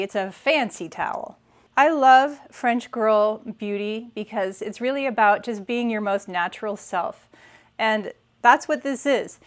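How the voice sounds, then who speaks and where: Chatty woman with a higher voice. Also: unhurried. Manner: chatty, playful and emphatic. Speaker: style vlogger. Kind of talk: casual thrift-haul fashion commentary.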